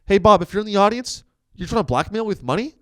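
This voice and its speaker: A man's voice: lively intonation, fast, dry recording. A man putting on the voice of a petulant male tech billionaire who rants with profane, childish outbursts. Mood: whiny. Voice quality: shrill, whiny rant.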